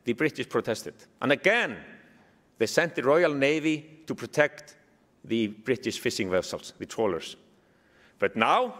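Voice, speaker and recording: A man with an Icelandic accent giving a keynote speech, telling a story with animated humor. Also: mid-range voice. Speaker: keynote speaker. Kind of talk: speech to a summit audience. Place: large hall. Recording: long hall reverb.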